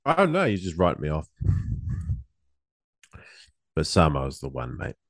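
A man's voice: very deep voice, huge pitch swings, measured pace, a bit bright, no room sound, studio quality. A man co-hosting a podcast in casual chat, laid-back and sweary with lots of ums. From New Zealand. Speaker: podcast co-host.

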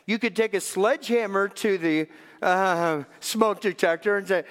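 Guy preaching a sermon, loud then real quiet, echoey church sound. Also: high voice, a little slow. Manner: dynamic preaching, swings from loud emphatic to soft and hushed. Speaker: pastor. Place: church sanctuary. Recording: long reverb of a large hall.

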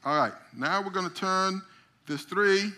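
A man's voice: sits high, unhurried. A middle-aged man teaching a group, acting out little stories with voices as he goes. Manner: animated storyteller, acts out voices. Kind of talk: teaching a memory drawing lesson.

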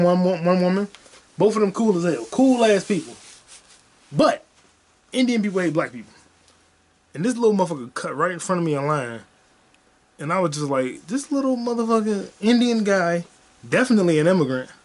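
A young man hosting his own podcast, telling loose, profane stories and repeating his punchlines. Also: fairly high pitch. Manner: loose, profane, repetitive storytelling. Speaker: podcast host. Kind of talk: solo comedic podcast monologue.

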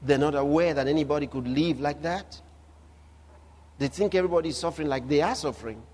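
High-voiced preaching pastor, lively. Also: male voice, fast, husky. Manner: animated, humorous, emphatic repetition. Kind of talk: sermon.

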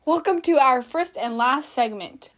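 A high, bright-voiced young woman co-hosts a casual podcast, upbeat and quick to giggle. Her tone stays chatty and friendly throughout. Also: lively intonation. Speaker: podcast co-host.

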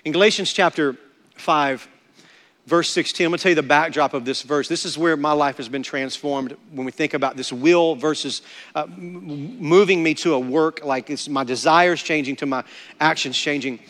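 A man's voice: a little high, moderate pace, fairly bright tone, long reverb tail. A man preaching a sermon as pastor, emphatic and repeating words for stress.

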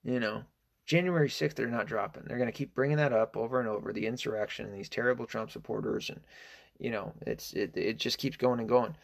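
A political commentator with a mid-range, creaky voice delivers a casual, indignant opinion monologue a little fast. He rambles and hesitates, full of fillers, restarts and swearing.

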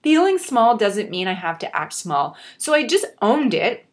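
A woman's voice: mid-range voice, big pitch swings, measured pace. A young woman hosting a motivational podcast, speaking earnestly and encouragingly and addressing the listener directly. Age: young adult. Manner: earnest, encouraging, self-reflective. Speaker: podcast host.

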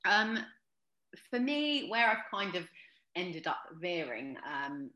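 A woman's voice: fairly low pitch, big pitch swings, takes it slowly, bright, forceful tone, roomy sound. A woman speaking as a podcast guest about mental health, earnest and reflective, with frequent ums and restarts. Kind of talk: casual podcast interview.

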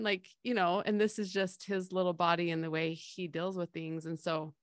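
Her voice is on the low side with little pitch movement and a normal pace as she co-hosts a relaxed podcast, a middle-aged woman unpacking emotions through ordinary analogies and voicing quoted characters. Studio quality, no room sound.

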